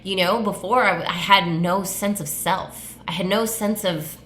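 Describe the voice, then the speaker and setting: A woman's voice: medium pitch, a little slow, fairly bright tone, a little hiss or hum. A woman hosting her own podcast, talking in a rambling, effusive way, filling her sentences with "like" and swearing casually. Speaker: podcast host, tattoo artist and coach. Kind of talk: casual solo podcast monologue. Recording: echoey room.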